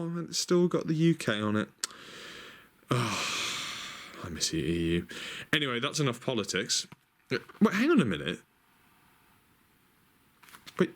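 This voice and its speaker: A man in casual chat as a vlogger, excitable, thinking aloud, exclaiming and swearing now and then. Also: medium pitch. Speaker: vlogger showing stationery.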